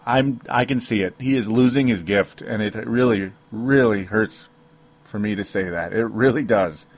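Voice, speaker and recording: A man with a lowish voice hosts a solo sports talk podcast at a moderate pace. His rant is emotional and rambling, broken up by self-interruptions and small laughs between points.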